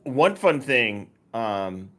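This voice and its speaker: A man co-hosting a casual gaming podcast, talking in a relaxed, conversational way. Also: medium pitch, drawn-out words. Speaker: podcast co-host.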